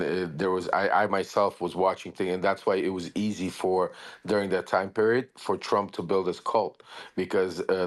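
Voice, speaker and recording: A very deep-voiced middle-aged man talks loosely as a guest in a live audio chat. He rambles, starts sentences over and laughs lightly between points. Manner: rambling, restarts sentences, chuckles. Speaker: interview guest.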